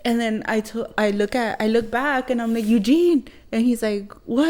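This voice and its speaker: A young woman co-hosts a casual podcast, telling a story with plenty of swearing. She throws herself into the quotes, getting louder when she acts out what people said. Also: fairly high pitch, moderate pace. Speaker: podcast co-host.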